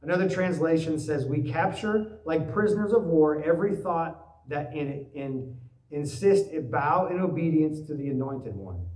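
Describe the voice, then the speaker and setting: Male pastor, higher-pitched voice, lively storytelling sermon, recorded from a distance in a reverberant church. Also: normal speed, slight background noise. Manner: animated storytelling, acts out worried voices. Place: church sanctuary. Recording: echoey church hall, mic at a distance.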